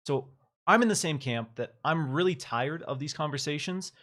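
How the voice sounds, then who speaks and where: A man hosting a casual live-streamed gaming chat, talking with animated energy and reading out viewer messages. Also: a little high, normal speed. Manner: animated, reads viewer comments aloud. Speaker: podcast host.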